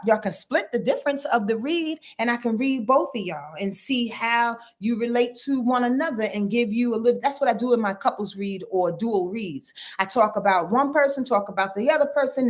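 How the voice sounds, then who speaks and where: A middle-aged woman astrologer chatting casually with her viewers on a livestream, blunt and animated, telling stories and swearing freely. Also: medium pitch. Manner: blunt, animated storytelling with profanity and laughs. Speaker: astrologer and tarot reader.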